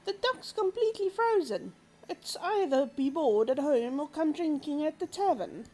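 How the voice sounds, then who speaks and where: A woman's voice: sits high, expressive, moderate pace, darkish tone, pitched above the performer's own voice. A woman voicing a big, brash male sailor who teases his friend, read aloud from a visual novel. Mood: teasing. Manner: brash, teasing.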